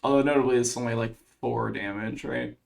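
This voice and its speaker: Gravelly man thinking aloud over a card game. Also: medium pitch, fairly even intonation, a little fast. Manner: thinking aloud, weighing plays with fillers. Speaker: card game player commentating his match. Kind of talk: casual gameplay commentary.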